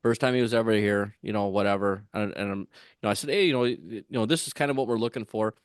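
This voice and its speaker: A man with a lowish voice tells a long story in a loose, rambling way, circling back with fillers and restarts. He is recorded dry, with no room sound around him. It sounds like a relaxed podcast chat among fellow tournament anglers. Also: fast, no echo. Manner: rambling, full of fillers and restarts, animated when quoting others.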